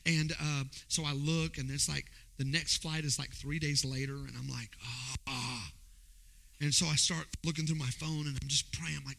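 A man preaching in a church, telling a personal story in a high voice. His tone is sharp and bright, and he jumps into the voices of the people in his story. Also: normal speed, gravelly. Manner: animated, acts out voices in his stories. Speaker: pastor. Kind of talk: storytelling sermon.

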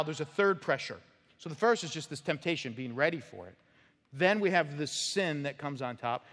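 Pastor guy preaching, chatty storyteller, kinda high voice, big echoey church. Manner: conversational, animated storytelling. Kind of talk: expository sermon. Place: church sanctuary. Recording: long church hall reverb.

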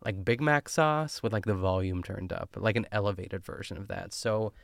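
A man's voice: deep voice, moderate pace, gravelly, a bit bright, no echo, clean studio sound. A young man casually chatting and rambling as a podcast host, recapping a cooking show with lots of fillers and tangents. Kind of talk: casual chat.

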